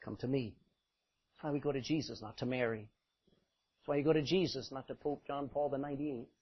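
A man preaching a sermon as pastor, animated, swinging from loud emphasis to quiet asides and laughing often. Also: medium pitch, fairly quick, slightly rough. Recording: dull lo-fi recording.

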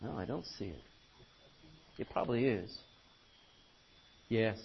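A male preacher delivering a folksy, emphatic sermon that swings from loud to quiet and calls for amens. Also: medium pitch, big pitch swings, slow pace, gravelly, a little hiss or hum. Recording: dull lo-fi recording.

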